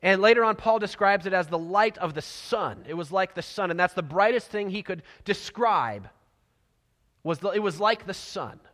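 A man preaching a sermon with a high voice, moving between lively storytelling and hushed, near-whispered lines. Long hall reverb trails each phrase. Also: moderate pace. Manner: animated storytelling, dropping to soft near-whispers for emphasis. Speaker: pastor.

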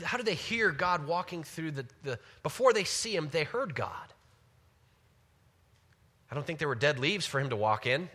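Bright-voiced, animated man teaching the Bible. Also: a little high, long reverb tail. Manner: animated, enthusiastic, conversational.

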